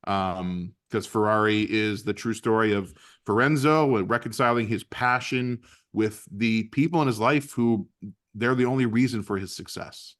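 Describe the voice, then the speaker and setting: A man's voice: on the low side, moderate pace, fairly bright tone. A man co-hosting a casual movie podcast, talking enthusiastically and rambling with frequent restarts. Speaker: podcast co-host.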